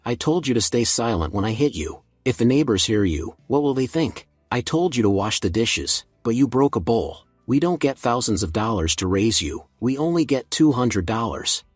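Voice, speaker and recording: A man's voice: mid-range voice, expressive, moderate pace, few pauses, husky, no echo, faint music behind. A man reading as a greedy, abusive aunt. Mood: harsh.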